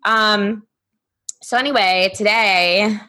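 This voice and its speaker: A woman's voice: mid-range voice, fairly even intonation, slow, pushed and bright. A woman co-hosting a podcast, telling stories in casual chat with lots of fillers, talking over a remote call microphone. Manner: chatty storyteller, many fillers. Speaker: podcast co-host.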